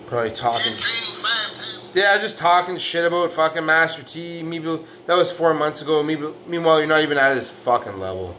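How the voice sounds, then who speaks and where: A man's voice: a little high, expressive, normal speed, sharp tone, slight background noise. A man ranting in a profane, boastful way, trash-talking rivals, with an argumentative tone that keeps returning to "man" and "right". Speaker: fitness vlogger. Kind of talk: profane reaction rant.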